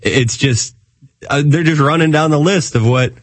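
A man's voice: on the high side, normal speed, dry recording. A man co-hosting a talk radio show, giving wry, dismissive comments. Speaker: co-host.

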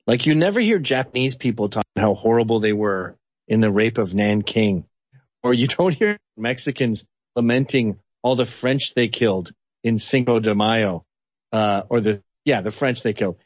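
A man from Canada giving blunt, animated political opinions as an interview guest. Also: normal speed, dry recording, lo-fi sound. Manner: blunt, animated, sweeping pitch swings.

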